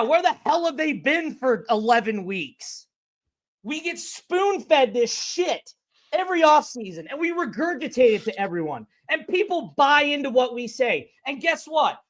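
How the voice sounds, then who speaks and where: A man's voice: very high voice, a bit bright. A man co-hosting a sports podcast, delivering an exasperated, profane rant. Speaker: podcast co-host.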